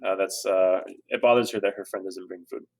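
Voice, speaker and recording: Relaxed, low-voiced man teaching. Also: a little fast. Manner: relaxed, conversational, with fillers and self-corrections. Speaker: Spanish teacher. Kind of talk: screen-recorded grammar lesson.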